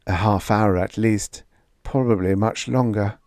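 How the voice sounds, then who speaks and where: A man reading the lines of a tense young woman captain in a science fiction story, sounding urgent and then falsely calm. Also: on the low side, measured pace, no room sound, studio quality.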